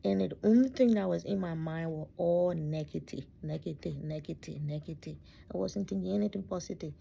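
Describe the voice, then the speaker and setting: A middle-aged woman telling her life story from her bedroom, speaking softly and reflectively, often close to a whisper and near tears. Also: lowish voice, fairly quick, creaky, slightly rough. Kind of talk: personal storytelling.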